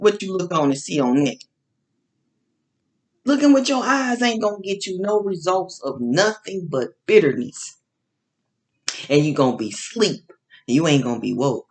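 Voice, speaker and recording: A woman with a fairly low, darkish voice speaks online about faith and love in a casual monologue that sounds like a sermon. Her delivery is preachy and repetitive, mixing in slang, echoing phrases for emphasis, and restarting sentences often.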